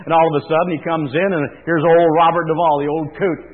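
A man's voice: fairly high pitch, level tone, quick pace. A male pastor preaching a sermon in a folksy, conversational storytelling manner. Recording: thin phone-like sound in a reverberant hall with mains hum.

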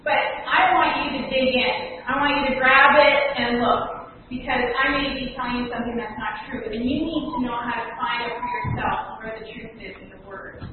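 Woman, sermon, chatty animated preaching, distant mic, echoey church hall. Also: fairly high pitch, narrow, tinny audio, a little hiss or hum. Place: church sanctuary.

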